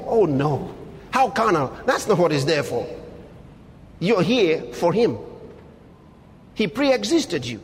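Emphatic husky preacher man. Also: sing-song, slow pace, long pauses, slight background noise. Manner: emphatic, preaching with sharp swings in pitch and loudness. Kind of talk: sermon. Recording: long hall reverb.

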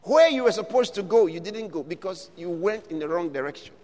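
A man preaching with a high, swooping voice that rises and falls freely. He presses his congregation with repeated questions, and his words ring out in the long reverb of a large hall. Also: animated, fairly quick, darkish tone. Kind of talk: sermon.

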